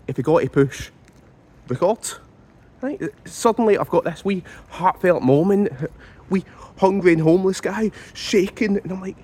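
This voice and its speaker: A man with a Scottish accent telling a comic story as a monologue, animated and stumbling over repeated words in mock outrage. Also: high voice, slightly rough.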